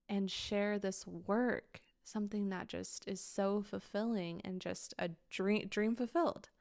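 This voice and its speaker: A woman in her thirties hosts her own podcast and tells a personal story straight to her listeners. She speaks candidly and emotionally and swears casually, in a voice of ordinary middle pitch. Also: a little mellow, no room sound, clean studio sound. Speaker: podcast host.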